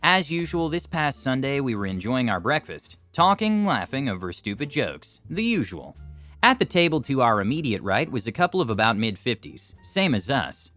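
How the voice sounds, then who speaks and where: Male narrator, animated storyteller with lively pitch; faint music bed. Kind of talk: scripted narration of online stories.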